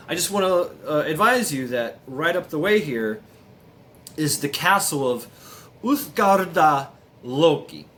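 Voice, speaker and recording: Man voicing a friendly giant, casual, chatty, raised pitch. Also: a bit bright, a little hiss or hum.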